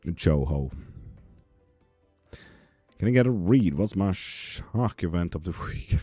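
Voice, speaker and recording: Deep-voiced, profane male tarot streamer. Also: lively intonation, slow pace, pauses often, mellow, husky, soft background music. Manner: profane, sarcastic, laughs often. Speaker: live tarot reader and stream host. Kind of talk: casual live-stream chat, reading comments aloud. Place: apartment.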